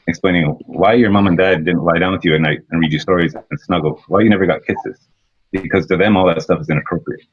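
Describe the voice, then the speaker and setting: Fast-talking husky low-voiced man. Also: dull audio. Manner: passionate, repeats phrases for emphasis. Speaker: workshop leader and guest. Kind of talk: earnest conversational interview.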